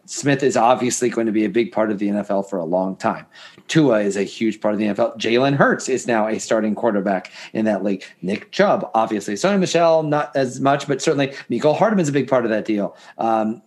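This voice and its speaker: A middle-aged man in casual sports chat, animated and full of restarts. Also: medium pitch. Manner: animated, many restarts and fillers. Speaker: podcast co-host.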